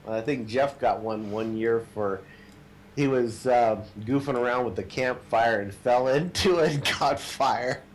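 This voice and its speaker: A man telling a long, funny anecdote in casual chat, shouting out the quoted lines with gusto. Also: mid-range voice, measured pace. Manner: animated storyteller, shouts quoted lines, laughs at own stories.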